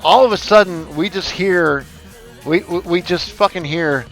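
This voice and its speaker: A man's voice: high-pitched, unhurried, a bit bright, soft background music. A man in his forties who streams, telling a story casually with a rambling, profane delivery full of restarts.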